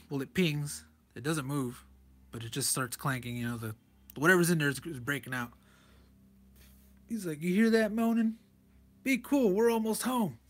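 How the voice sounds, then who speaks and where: A man's voice: a little high, fairly bright tone. Chuckling man rambling through a review. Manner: chuckles often and reads panel text aloud; rambling, self-correcting asides. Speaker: comic book reviewer. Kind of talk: casual page-by-page review.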